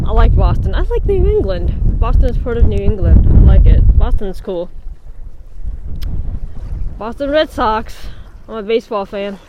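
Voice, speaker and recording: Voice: mid-range voice, phone-quality sound. Laid-back streamer chatting outside on a beach, chuckles a lot, a bit of wind noise behind. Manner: chatty, laughs often, reads comments aloud. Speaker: livestreamer. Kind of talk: casual live stream chat answering viewer comments. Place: outdoors on a windy winter beach. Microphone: mic worn while bundled in a hood.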